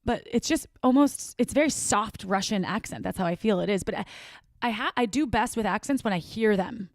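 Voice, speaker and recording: Woman podcast co-host, casual and playful, middle pitch, dry recording. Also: lively intonation, brisk, dry recording. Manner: playful, tries out silly accents.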